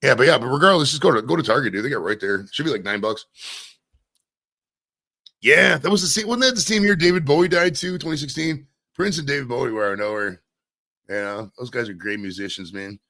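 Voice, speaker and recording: A man's voice: mid-range voice, animated, brisk, bright, forceful tone. A man from Maine hosting his own stream, rambling casually with lots of swearing. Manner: rambling, profane, loose and conversational. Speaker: streamer and show host. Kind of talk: casual solo stream chat.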